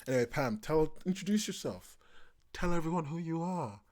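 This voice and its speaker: A man's voice: on the high side, expressive, moderate pace, darkish tone. A man hosting a podcast over a call, rambling and joking and laughing a lot in casual chat. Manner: jokey, rambling, laughs often. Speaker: podcast host.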